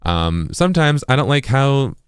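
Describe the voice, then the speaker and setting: A man with an East Coast accent giving a casual tutorial, relaxed and full of fillers, sounding words out as examples. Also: mid-range voice, normal speed, clean tone. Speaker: music producer and streamer.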